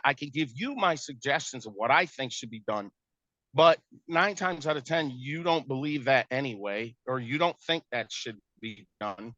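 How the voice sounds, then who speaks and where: With a sharp tone and lively intonation, a man with a mid-range voice speaks at normal speed about a conflict in his family as a stepparent. He's casual and exasperated, quoting what was said, and the lo-fi recording sounds dull and dry, with no echo.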